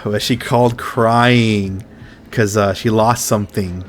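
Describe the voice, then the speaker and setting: A man's voice: on the low side, steady tone, slow pace, faint music behind. A man hosting a casual podcast chat, loose and profane, laughing through his banter. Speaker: podcast host.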